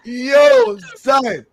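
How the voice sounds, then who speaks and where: A man's voice: very high-pitched, fairly bright tone, dry recording. A man hosting a casual comedic reaction show, swearing and laughing in slangy banter. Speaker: podcast host.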